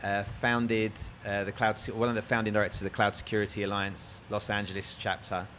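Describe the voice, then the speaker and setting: A man's voice: on the low side, flat delivery, fairly quick, a bit bright, a little hiss or hum. A man with an Australian accent, moderating a panel in a chatty, joking way. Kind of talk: casual panel talk.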